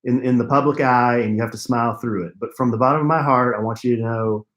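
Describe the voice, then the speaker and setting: A man's voice: mid-range voice, steady tone, fast talker, a bit bright, roomy sound. A man co-hosting a podcast, reading listener letters aloud with playful, teasing banter. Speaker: podcast co-host. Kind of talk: casual chat, reading listener mail.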